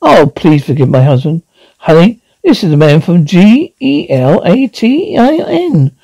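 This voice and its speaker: A man playing a shrill, scolding housewife. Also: sing-song, a little slow, mellow, husky, no room sound, exaggerated voice, poor audio. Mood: exasperated. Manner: shrill, scolding, rising to near-falsetto. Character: shrill, exasperated middle-aged housewife.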